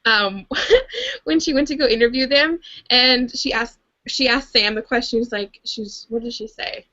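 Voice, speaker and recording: A woman's voice: a little high, animated, moderate pace, pushed and bright, dry recording, muffled recording. A young woman hosting a casual live chat about a book and its TV series, rambling with lots of fillers and restarts. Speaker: host of a live book and TV fan stream.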